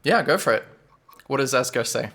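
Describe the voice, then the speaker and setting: A man running a tabletop game, recapping scenes in a bright, forceful voice. He talks in a loose, relaxed way, leaning on fillers. His pitch sits in an ordinary middle range. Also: a little fast, slight background noise. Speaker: game master.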